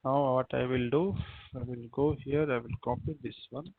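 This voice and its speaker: A man teaches a live coding class, walking through each step aloud and spelling names out letter by letter. His voice comes through a narrow, phone-like line with a dry, close sound and no room echo. He keeps pushing his students to answer him quickly. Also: mid-range voice, steady tone, breathy edge. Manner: repetitive, spells words out letter by letter, keeps urging the class to respond. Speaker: programming instructor.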